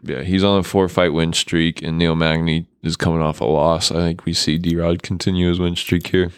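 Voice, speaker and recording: A man's voice: low voice, level tone, moderate pace, clear, resonant tone. A man co-hosting a sports podcast, laid-back and teasing, mostly giving short replies. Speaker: podcast co-host. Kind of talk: casual sports podcast chat.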